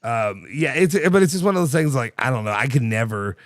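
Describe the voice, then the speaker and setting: A man's voice: mid-range voice, expressive, fairly quick. A man hosting a casual live show, rambling with fillers and restarts, reading ads and chatting. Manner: rambling, lots of fillers and restarts, laughs easily. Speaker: show host.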